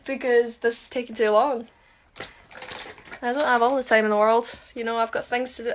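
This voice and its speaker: A musical theatre performer chats casually on a phone livestream from home, doing her makeup while poking fun at herself and answering viewers' questions. Her voice is a little high, steady in tone, and brisk.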